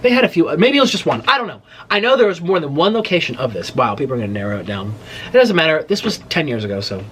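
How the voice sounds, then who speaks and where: Lively, rambling man in his late twenties. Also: fairly high pitch, fast talker, slight background noise. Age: late 20s. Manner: animated, rambling, breaks off mid-sentence. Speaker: mukbang host. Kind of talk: casual storytelling chat to camera.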